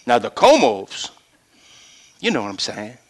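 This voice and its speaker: A middle-aged man preaching a sermon, acting out voices and swinging from hushed asides to shouts. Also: fairly low pitch, wildly swooping pitch, unhurried. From Louisiana.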